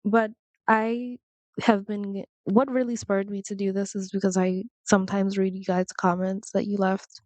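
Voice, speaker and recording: A woman's voice: mid-range voice, little pitch movement, moderate pace, a little mellow, no echo. A young woman chatting casually to her channel, rambling and laughing as she goes. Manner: chatty, rambling, laughs often, quotes people in voices. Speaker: vlogger. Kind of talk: casual chat to camera.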